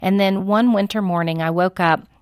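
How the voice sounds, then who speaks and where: A woman's voice: medium pitch, fairly even intonation, normal speed, no echo, studio quality. A woman giving a heartfelt personal testimony. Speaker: ministry speaker.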